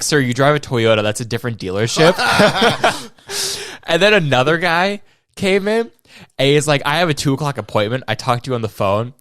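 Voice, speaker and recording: A man's voice: medium pitch, a bit bright, clean tone, no echo, studio quality. A young man co-hosting a casual podcast, telling a story with lots of swearing and quoted voices. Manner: swears a lot, tells stories with quoted voices. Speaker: podcast co-host. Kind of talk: casual chat.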